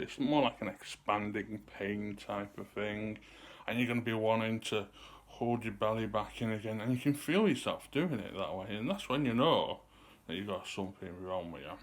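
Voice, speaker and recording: A man, rambling in a loose, chatty way to camera and sometimes getting out of breath. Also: lowish voice. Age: 30s. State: out of breath at times. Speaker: vlogger. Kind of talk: casual talk to camera.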